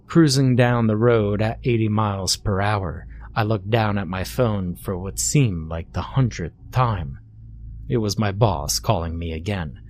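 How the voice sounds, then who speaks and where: A man reading a first-person horror story in a calm, steady scripted narration. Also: on the low side, slight background noise. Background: faint background music.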